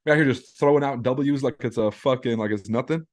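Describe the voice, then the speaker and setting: A man's voice: mid-range voice, brisk. A man in his own everyday voice hosts a trading livestream, talking casually and loosely. He is brash and profane, cracking jokes and answering chat messages as they come in.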